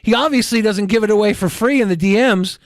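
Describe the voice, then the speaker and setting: A man's voice: sits high, fast talker, no echo, studio quality. A man co-hosting a podcast, reading messages aloud in casual, crude and sarcastic chat. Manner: sarcastic, crude, reads aloud with mock emphasis. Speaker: podcast co-host.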